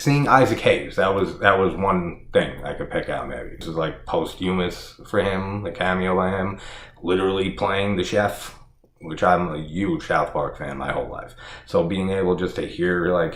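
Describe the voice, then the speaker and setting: A man with a lowish voice delivers an exasperated, profane horror film review rant, breaking into laughter and leaning on "like" at every turn. His voice bounces around an echoey room. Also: fairly bright tone. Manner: exasperated, profane, laughs often, filler "like" throughout.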